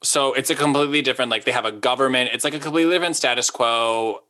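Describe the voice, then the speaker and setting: A man's voice: medium pitch, sharp tone. A man co-hosting a casual podcast chat, rambling with lots of asides. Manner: chatty, quick asides, lots of "like". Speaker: podcast co-host.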